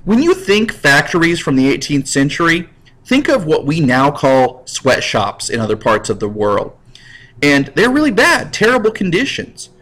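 A man's voice: on the high side, big pitch swings, normal speed, a bit bright, rough recording. A man teaching a history lecture in a casual, jokey way, acting out little scenes. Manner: jokey, acts out scenes in voices. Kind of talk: recorded classroom lecture.

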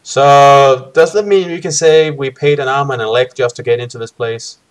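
A man's voice: medium pitch, fairly even intonation, normal speed. A man running a co-op gamebook session, joking with his players and reading the story passages aloud. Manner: jokey, trails off into hedges. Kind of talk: casual co-op play with read-aloud narration.

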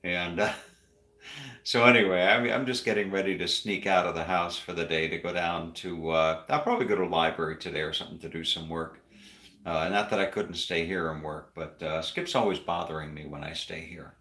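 A man casually vlogging as he walks through a house, rambling with frequent halting pauses. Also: deep voice, pushed and bright. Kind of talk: casual walk-through vlog. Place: indoors in a house.

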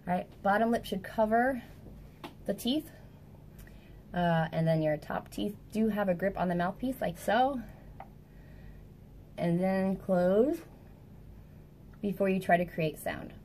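A young woman, a music teacher, giving a casual clarinet tutorial indoors at a table, chatty and quick to correct herself. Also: mid-range voice, darkish tone, a little hiss or hum.

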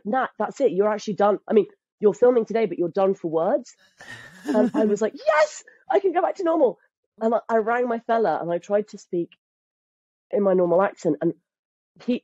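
A woman's voice: lowish voice, dry recording. A woman in her thirties, a guest on a podcast, who tells stories with lots of laughter and restarts her sentences. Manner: animated storyteller, laughs often, restarts sentences. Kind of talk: casual chat. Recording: dull lo-fi dry sound.

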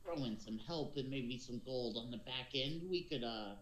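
A man voicing a one-legged pirate captain with an eye patch, drawling in a growling pirate manner with slow, hesitant "arr"s in a roomy-sounding room. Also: mid-range voice, fairly bright tone, natural voice. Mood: gruff scheming. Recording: roomy echo.

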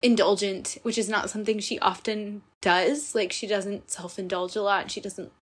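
A young woman co-hosting a casual podcast chat, telling stories in a warm, emotional way that turns tearful. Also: mid-range voice, steady tone, moderate pace, breathy edge. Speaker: podcast co-host.

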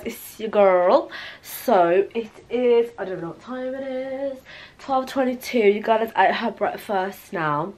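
A woman's voice: medium pitch, slow pace. A young woman, chatting casually to camera at home, rambling and playful with asides to her viewers. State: out of breath. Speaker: vlogger. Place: home, indoors.

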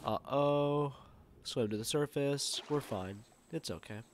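A man talks through a survival video game while he plays, rambling and thinking out loud with plenty of fillers. His pitch is ordinary for a man, and he speaks at a slow, easy pace. Faint noise runs behind him. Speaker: gamer. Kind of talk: let's play game commentary.

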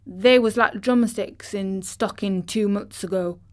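A woman voicing a gruff old male gardener. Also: medium pitch, unhurried, lightly acted. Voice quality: hoarse, gruff dialect.

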